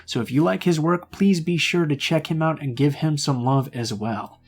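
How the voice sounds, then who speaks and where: A man who hosts a horror story channel, reading a story and then chatting with viewers in a relaxed way, often saying "uh". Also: on the high side, moderate pace, breathy edge. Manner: relaxed, chatty, with frequent filler "uh". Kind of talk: story reading and casual outro.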